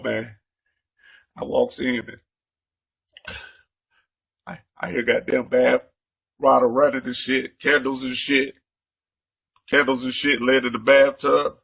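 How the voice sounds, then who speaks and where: An out-of-breath man in an angry, profane rant, repeating himself and building to shouting. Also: medium pitch, steady tone, slow, vocal fry, long pauses, husky. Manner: profane, repetitive, escalating to shouting.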